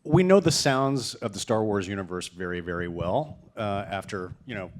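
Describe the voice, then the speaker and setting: A man's voice: on the low side, animated, normal speed. A man hosting a podcast, asking long, conversational questions. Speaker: podcast interviewer. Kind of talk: interview questions.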